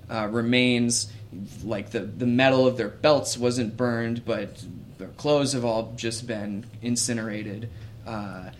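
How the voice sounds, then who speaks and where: A man acting as game master, narrating scenes in a relaxed, descriptive way with many fillers. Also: medium pitch, a little hiss or hum.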